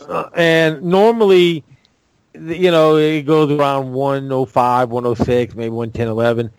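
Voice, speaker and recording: Halting man talking sports. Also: mid-range voice, steady tone, smooth, dry recording, low-quality recording. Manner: halting, repeats words while thinking. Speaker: co-host. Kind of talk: casual sports talk.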